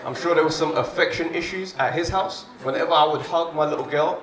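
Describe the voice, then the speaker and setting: A young man doing a stand-up comedy set, chatty and animated, often asking "you know what I mean?". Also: on the high side, fairly quick. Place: comedy club stage. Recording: echoey club, far from the mic, loud noise and crowd.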